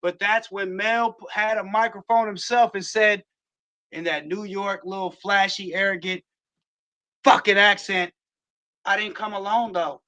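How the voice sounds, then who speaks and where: A man hosting a wrestling show, telling the night's action in excitable play-by-play and swearing freely. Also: high voice, a little slow, dry recording. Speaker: show host. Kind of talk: wrestling recap commentary.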